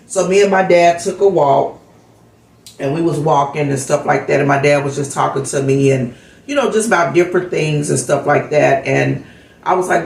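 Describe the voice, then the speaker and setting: Woman host, gravelly, heartfelt rambling chat, a bit far from the mic. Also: low voice, normal speed. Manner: rambling, heartfelt, lots of fillers. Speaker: vlogger host. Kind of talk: casual storytelling chat. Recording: echoey room, off-mic.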